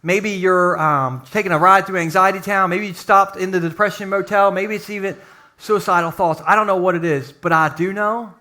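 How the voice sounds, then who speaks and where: A man preaching a sermon as pastor in a church, dropping from loud calls to hushed near-whispers. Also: high-pitched, steady tone, fairly quick. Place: church sanctuary.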